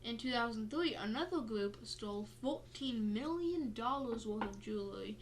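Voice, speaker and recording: A woman's voice: on the high side, animated, moderate pace, noisy background. A woman co-hosting a podcast in casual chat, tired and yawning, playful and jokey as she wanders off-topic. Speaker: podcast co-host.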